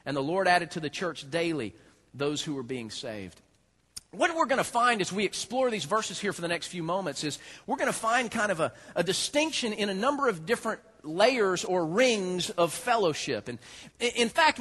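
A man preaching a sermon as a pastor, folksy and joking, with animated storytelling. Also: high voice.

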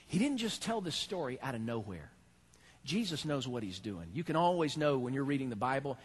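A male pastor delivers a sermon in a church with a husky, slightly rough voice. His pitch sits high for a man and leaps around with expression. He keeps pulling the congregation in with direct questions. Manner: animated, talks straight to the congregation.

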